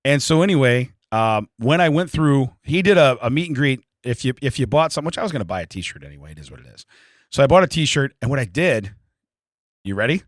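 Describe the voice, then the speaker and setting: A man's voice: medium pitch, sing-song, quick pace, dry recording, clean studio sound. A man, telling a long comic story in casual podcast chat and laughing often. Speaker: podcast co-host.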